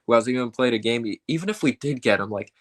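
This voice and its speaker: A man's voice: mid-range voice, expressive, fast talker. A man hosting a fan sports chat, talking casually with lots of fillers. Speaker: fan podcast host.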